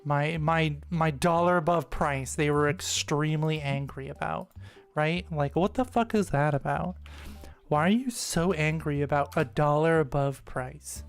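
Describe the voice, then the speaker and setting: A woman's voice: sits low, measured pace, smooth, faint music behind. A woman giving casual gameplay commentary, rambling and ranting with exasperated swearing. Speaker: gaming streamer.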